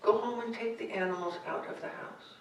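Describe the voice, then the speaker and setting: Calm wise male master, played by a woman, unhurried, distant and roomy. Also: fairly high pitch, a little hiss or hum, natural voice. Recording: echoey hall from far off.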